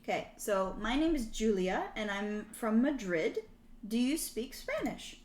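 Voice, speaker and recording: A woman's voice: a little high, big pitch swings, a little slow, darkish tone. A woman live-streaming her language study, reading prompts aloud, translating them and correcting herself as she goes in casual chat. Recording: echoey room with background noise. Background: keyboard typing and clicks.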